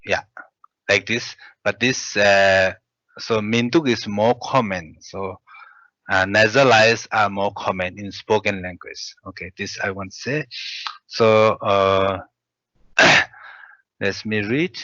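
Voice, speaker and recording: Guy teaching pronunciation, reads syllables out slow, lots of uhs, bright voice, dull dry audio. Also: on the low side, steady tone, no room sound. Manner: hesitant, many pauses and fillers. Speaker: language teacher. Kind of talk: pronunciation lesson, reading syllables aloud.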